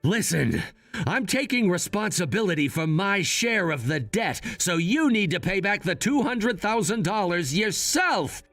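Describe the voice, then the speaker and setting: A man's voice: high voice, sing-song, unhurried, a bit bright, no echo, faint music behind, heavily acted. A man voicing a coolly scheming adult son in a text-message story drama, firm and matter-of-fact.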